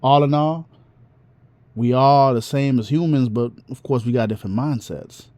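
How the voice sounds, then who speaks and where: A man voicing a blunt, street-wise older Southern man with a slow, plainspoken drawl. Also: medium pitch, dark tone, no room sound, lightly acted.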